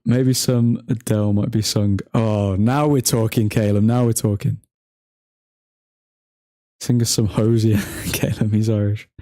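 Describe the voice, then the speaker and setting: A man's voice: lowish voice, fairly even intonation, measured pace, dark tone, no echo, studio quality. Laid-back young man bantering with chat. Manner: joking banter, laughs often, talks to chat by name. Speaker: livestream host reading chat. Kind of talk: casual chat over a football watchalong.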